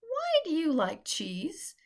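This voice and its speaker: A woman voicing a playful, excitable young female squirrel who is giggly and carefree. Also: extremely high pitch, slow, voice pushed up, heavily acted.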